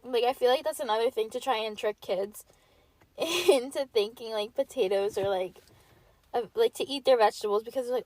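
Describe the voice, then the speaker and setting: Young woman, podcast host, stuffy sniffly voice, rambling filler-heavy chat, fairly high voice, dry close sound. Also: moderate pace, a little mellow, no echo. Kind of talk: casual solo podcast chat.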